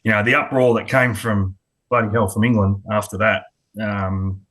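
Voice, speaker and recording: A man's voice: lowish voice, steady tone, normal speed, a bit bright. A middle-aged Australian man, a former cricketer, talking bluntly and candidly in a casual interview, often restarting his sentences. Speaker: former cricketer and coach, guest.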